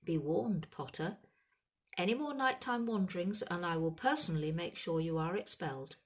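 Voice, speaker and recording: A woman voicing a cold, sneering male teacher in a storybook reading, speaking smoothly and with menace. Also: lowish voice, moderate pace, natural voice. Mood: menacing.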